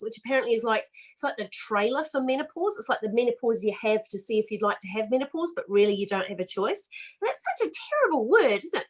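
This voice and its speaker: A middle-aged woman from Australia doing a self-mocking, animated stand-up set over a video call. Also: high voice, poor audio. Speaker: comedian.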